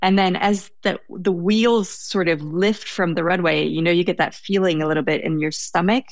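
A woman's voice: lowish voice, fairly even intonation, normal speed, dry recording. A young woman telling a story in conversation, hesitant and self-correcting, laughing now and then.

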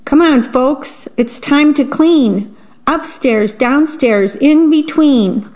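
A woman reading a picture book voices a bossy, hurried parent handing out chores in a brisk, commanding way. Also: sits high, darkish tone, pitched above the performer's own voice. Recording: dull lo-fi recording.

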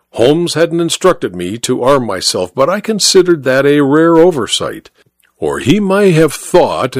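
A man narrating a story in the first person, with wry, measured storytelling, in a dry close recording. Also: mid-range voice, no room sound. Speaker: audiobook narrator.

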